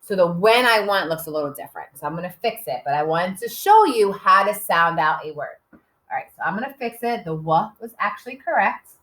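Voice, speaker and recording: Her voice is on the low side and her pace brisk as she teaches young children to write. She chants words out letter by letter, erupting into sudden excited calls and easing into soft, almost whispered quiet sounds.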